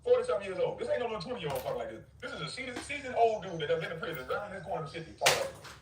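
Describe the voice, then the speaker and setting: Male vlogger, rapid mocking trash talk, off-mic with room noise. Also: high voice, sing-song, recorded from a distance. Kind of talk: casual rant to camera. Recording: echoey, off-mic, noisy ambience.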